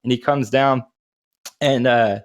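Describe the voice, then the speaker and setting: A man's voice: medium pitch, fairly even intonation, takes it slowly, lo-fi sound. A man in his thirties, a podcast co-host telling casual, profane, rambling anecdotes. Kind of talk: casual storytelling chat.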